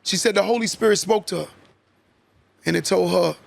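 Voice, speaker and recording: A man's voice: high voice, moderate pace, creaky. A man hosting a podcast, giving emphatic, preachy motivational talk and often checking in with "right?". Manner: emphatic, repetitive, keeps asking "right?". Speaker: podcast host.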